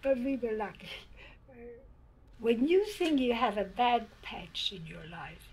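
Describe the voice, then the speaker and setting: A woman's voice: a little high, a little slow, a little hiss or hum, poor audio. An older woman, a survivor, telling her life story. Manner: lively, laughs while telling stories. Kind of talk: personal storytelling.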